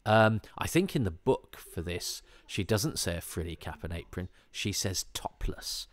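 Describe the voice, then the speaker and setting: A man's voice: sits low, animated, measured pace. A man hosting a podcast, talking through an episode in a casual, rambling commentary full of restarts and fillers, amused as he goes. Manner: chatty and amused. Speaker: podcast host.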